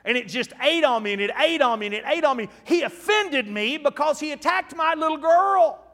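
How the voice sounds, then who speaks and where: A man in his fifties preaching a storytelling sermon, folksy and animated, with frequent restarts. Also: extremely high pitch, fairly quick, long reverb tail. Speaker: pastor.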